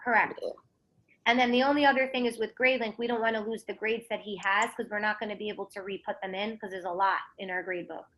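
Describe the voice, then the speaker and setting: A woman's voice: mid-range voice, fairly even intonation, quick pace, fairly bright tone. A woman teacher running an online class on a video call, upbeat and encouraging.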